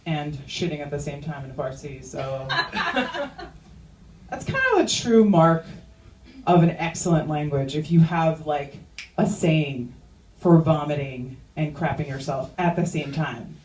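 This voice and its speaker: A young woman from Iran doing an animated, crude stand-up set in a comedy club. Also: low-pitched, unhurried, a little hiss or hum. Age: young adult. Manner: animated, crude, quotes people in exaggerated voices. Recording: roomy club sound from a distance.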